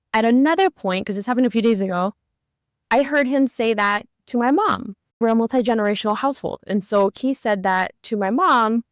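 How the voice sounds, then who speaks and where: A woman in her thirties, a therapist co-hosting a podcast, telling a parenting story in an animated way and acting out the lines she quotes. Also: medium pitch, dry recording, studio quality. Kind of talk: conversational podcast discussion.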